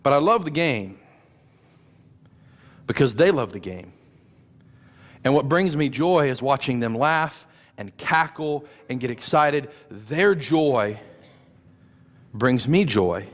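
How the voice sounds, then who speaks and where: A man's voice: medium pitch, animated, takes it slowly, pauses often. A man in his thirties preaching a sermon as pastor, conversational, with repeated rhetorical questions and playful asides. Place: church sanctuary. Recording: long reverb of a church hall.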